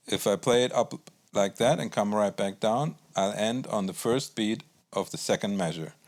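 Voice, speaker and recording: A man teaching a guitar lesson in a calm, explanatory way, counting beats aloud as he plays. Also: on the low side, normal speed. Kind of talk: instructional music lesson.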